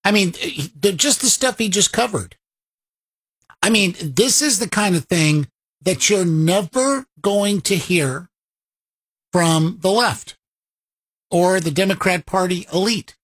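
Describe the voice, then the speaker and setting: Husky-voiced, sarcastic political commentator. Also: medium pitch, expressive, unhurried. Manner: rhetorical questions, sarcastic quoting of opponents. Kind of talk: opinionated commentary on a played clip.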